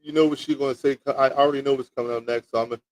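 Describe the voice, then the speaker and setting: A man's voice: mid-range voice, steady tone, very fast, poor audio. A man hosting a sports talk show, rambling through football picks and teasing his live chat, with lots of repeats and restarts. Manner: rambling, repeats words, teasing chat with mock toilet flushes.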